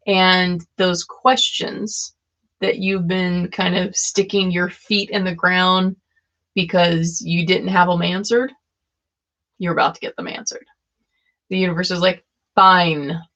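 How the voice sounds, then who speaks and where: Gravelly, giggly woman reading tarot live. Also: mid-range voice, a bit bright. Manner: giggly, playful, often breaks into laughter. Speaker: live-stream tarot reader. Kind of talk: casual live-stream chat with tarot reading.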